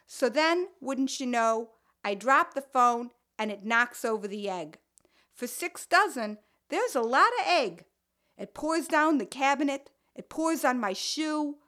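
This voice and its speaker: A woman's voice: high-pitched, animated, measured pace, sharp tone. A woman voicing an older, fussy and fretful mother with a Brooklyn accent, telling her story in the first person with wry, complaining asides. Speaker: narrator.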